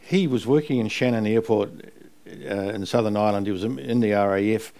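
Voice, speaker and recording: A man's voice: fairly low pitch, fairly quick. Older NZ man, memoir author, rambling live storyteller who laughs through his tales. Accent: New Zealand. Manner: animated, rambling anecdotes, laughing while he tells them. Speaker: author interviewed about a family memoir. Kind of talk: live on-stage conversation, storytelling.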